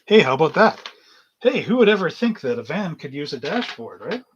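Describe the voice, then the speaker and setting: A man's voice: a little high, sing-song, fairly quick, breathy edge, lo-fi sound. A middle-aged man hosting a model-building livestream, rambling through anecdotes in casual chat and chuckling often as he works at his bench.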